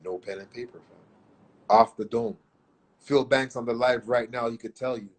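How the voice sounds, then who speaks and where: A middle-aged man from Canada, telling stories as a guest in a casual interview, animated and profane, acting out what others said. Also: medium pitch, normal speed. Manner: animated, profane storyteller who acts out quotes. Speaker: guest artist.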